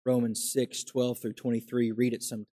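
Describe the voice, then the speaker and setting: A man preaching a sermon as pastor, swinging from quiet asides to loud, emphatic exclamations. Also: mid-range voice, flat delivery, a little fast.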